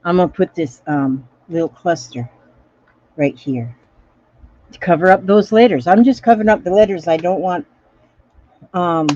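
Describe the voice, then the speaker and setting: A woman's voice: fairly low pitch, expressive, moderate pace, long pauses, dark tone, no echo, highs cut off. A woman chatting casually through a crafting livestream, repeating little phrases to herself as she works. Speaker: craft vlogger reading live comments.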